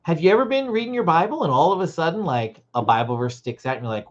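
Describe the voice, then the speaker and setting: Parenting coach, livestream host, lively intonation, dull lo-fi audio. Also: mid-range voice, fast, hardly any pauses. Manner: animated, acts out short dialogues. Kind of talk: livestream teaching talk.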